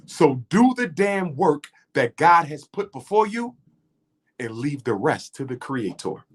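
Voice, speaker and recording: A middle-aged man talks like a preacher, his voice swinging widely in pitch as he drives each point home. He sits a little higher than most men and uses repetition and rhythm to build. It is an impassioned talk, not a script. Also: sing-song, measured pace, breathy edge. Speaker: guest speaker. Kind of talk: impassioned lecture in conversation.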